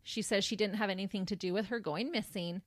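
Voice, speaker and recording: A woman's voice: mid-range voice, fast talker, no echo, studio quality. A woman hosting a podcast, recounting a true crime case in a sardonic storytelling manner. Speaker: podcast host.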